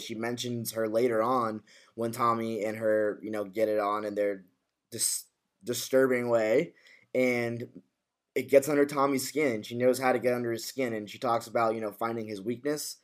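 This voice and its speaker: A man co-hosting a podcast, chatting casually and excitedly about a TV episode, stumbling over his words as he goes. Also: medium pitch, normal speed. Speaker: podcast co-host. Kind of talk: casual TV recap chat.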